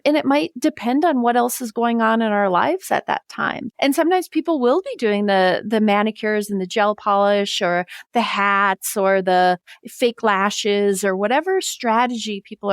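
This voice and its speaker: A woman, a psychologist talking as a podcast guest, who explains calmly and reflectively with everyday examples. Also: mid-range voice, dry recording, studio quality. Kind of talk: conversational podcast discussion.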